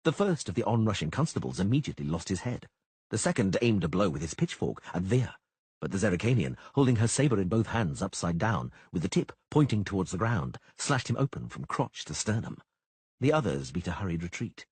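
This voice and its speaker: A man's voice: on the low side, sing-song, fairly quick, darkish tone, husky, dry recording. A man narrating a fantasy audiobook with a dramatic delivery on a close studio mic.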